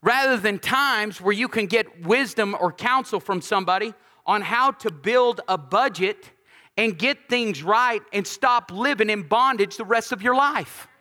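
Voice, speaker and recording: A man preaching a sermon as pastor, conversational and lively, with humorous asides and repeated lines for emphasis. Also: sits high, measured pace, long reverb tail.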